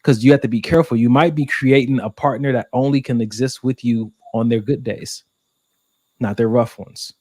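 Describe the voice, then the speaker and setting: A man in his thirties talks through relationship questions on a casual podcast, earnest and reflective. His voice sits at an ordinary middle pitch and is recorded close and dry with no room sound. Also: moderate pace, darkish tone, dry recording. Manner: earnest, reflective, speeds up when making a point. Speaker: podcast co-host.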